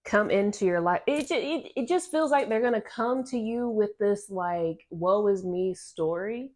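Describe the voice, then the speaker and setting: A woman's voice: mid-range voice, expressive, a little slow, a little mellow. A woman reading oracle cards for her viewers, rambling and repeating herself in casual, slangy talk. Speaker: oracle card reader. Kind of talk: casual channeled card reading.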